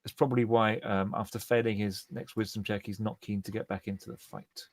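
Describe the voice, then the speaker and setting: A man in his twenties or thirties, running a tabletop game online as dungeon master, talking in a relaxed, chatty way with many fillers. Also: fairly low pitch, brisk.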